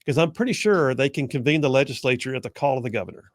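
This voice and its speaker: A man's voice: mid-range voice, quick pace, dry recording, studio quality. A man hosting a political talk show, delivering sarcastic commentary and mocking opponents in whiny put-on voices.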